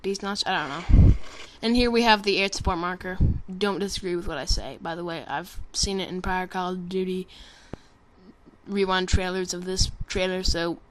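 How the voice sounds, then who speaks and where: A woman's voice: fairly low pitch, fairly even intonation, moderate pace, a little hiss or hum. A tired woman giving casual, rambling commentary over a game trailer, full of ums and self-corrections. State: tired, sleepy. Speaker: gaming commentator.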